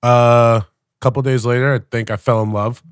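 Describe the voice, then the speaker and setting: A man's voice: medium pitch, steady tone, fairly quick, clear, resonant tone, no room sound, clean studio sound. A young man co-hosting a podcast, rambling through anecdotes with lots of fillers in casual chat. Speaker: podcast co-host.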